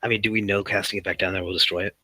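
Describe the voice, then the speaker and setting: A man playing in a casual tabletop game, with quick joking asides. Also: low voice, steady tone, bright, forceful tone, no echo. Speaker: player.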